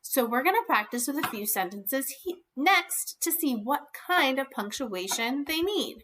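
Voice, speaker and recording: Bright-voiced kindergarten teacher, slow and clear. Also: female voice, high-pitched, animated, slight background noise. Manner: slow, clear and encouraging, stretching words for small children. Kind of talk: recorded lesson for young children.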